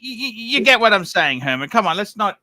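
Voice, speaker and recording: A man's voice: sits high, big pitch swings, brisk, bright, forceful tone, no room sound. A man hosting a casual livestream chat, asking blunt, provocative questions. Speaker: livestream host.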